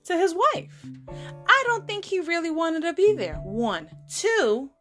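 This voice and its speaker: A woman hosting a podcast, telling a story in a sassy, animated way with playful slang. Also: very high voice, measured pace, soft background music. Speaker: podcast host. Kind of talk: casual storytelling monologue.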